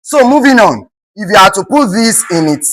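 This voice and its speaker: A man's voice: sits high, big pitch swings, moderate pace, fairly bright tone, dry recording, poor audio. A man with a Nigerian accent teaching an exam-prep English lesson, often checking in with rhetorical questions and repeating words for emphasis.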